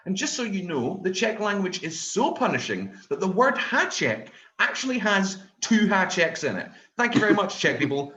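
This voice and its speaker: Lively Scottish man doing stand-up. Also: on the high side, a little fast, echoey room. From Scotland. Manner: animated storytelling, swears often. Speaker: stand-up comedian. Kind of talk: stand-up comedy set.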